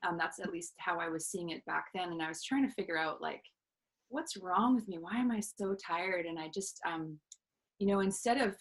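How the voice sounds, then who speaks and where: A woman in her thirties tells her own story as an interview guest, with an earnest, reflective tone. Her voice sits a little low for a woman, and she often pauses with fillers and starts sentences over. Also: poor audio. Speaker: self-love coach, guest.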